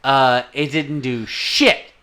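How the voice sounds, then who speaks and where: A man's voice: mid-range voice, fairly even intonation, slow pace, bright, forceful tone, smooth. A man co-hosting a podcast, recapping a film in casual chat, rambling and swearing a lot. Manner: profane, rambling, talks with his hands. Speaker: podcast co-host. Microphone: desk microphone.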